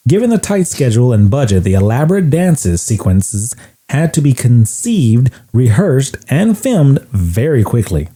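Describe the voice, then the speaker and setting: A man co-hosting a casual movie podcast, joking and lively as he shares his opinions. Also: medium pitch, a little slow, slightly rough. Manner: animated, joking, puts on voices. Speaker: podcast co-host.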